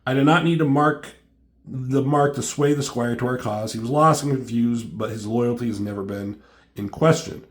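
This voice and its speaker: A man's voice: medium pitch, moderate pace, lightly acted. Brief: monologuing masked villain knight, male, grandiose and ranting, read aloud by a man. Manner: reads lines aloud in a monologuing tone.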